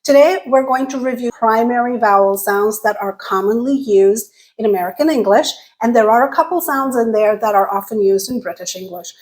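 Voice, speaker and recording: A woman with a slightly high voice hosts an English pronunciation lesson. She speaks clearly and deliberately, addressing the viewers directly. Her delivery is that of a teacher walking through the material step by step. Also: a little mellow, low-quality recording. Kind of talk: scripted lesson to camera.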